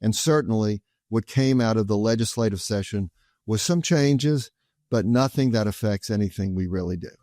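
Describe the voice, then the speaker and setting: A man's voice: lowish voice, normal speed, warm tone, no echo, clean studio sound. An older man answering interview questions as a guest attorney, telling long anecdotes in a reassuring, folksy way. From Louisiana, USA. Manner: reassuring, story-driven, folksy.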